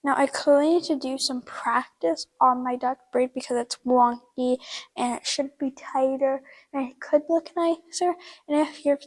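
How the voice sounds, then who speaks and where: A woman's voice: high-pitched, steady tone, normal speed, poor audio. A woman hosting a horse-care video at a barn, explaining a braid in a chatty, casual way with lots of fillers while she works. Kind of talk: casual how-to demonstration.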